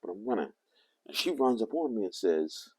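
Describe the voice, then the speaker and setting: An older man telling a rambling, animated story to the camera. He often corrects himself as he talks. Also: fairly low pitch, normal speed, slightly rough. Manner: animated, meandering, self-correcting. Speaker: vlogger.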